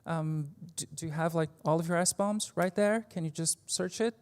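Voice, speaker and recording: A woman's voice: low voice, moderate pace, a little mellow. A woman giving a casual technical conference talk, joking, swearing lightly and leaning on fillers. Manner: informal and joking, with frequent fillers and mild swearing. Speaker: conference speaker. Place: conference stage. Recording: reverberant conference hall.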